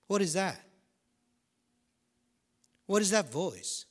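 Guy preaching a sermon, high voice, really lively, drops to whispers then gets loud. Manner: dramatic swings from loud emphasis to hushed whispers; slow, deliberate delivery with repetition.

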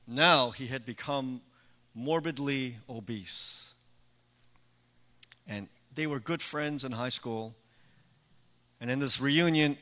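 An older male preacher giving a sermon in a measured way, with emphatic rhetorical questions. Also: mid-range voice, sharp tone.

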